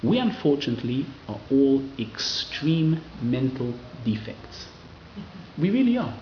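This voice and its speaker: A man giving a lively Torah class to a live audience, acting out quoted people in raised voices. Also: mid-range voice, a little slow, a little hiss or hum. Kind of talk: lively sermon-style Torah lecture. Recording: roomy, slightly dull hall recording.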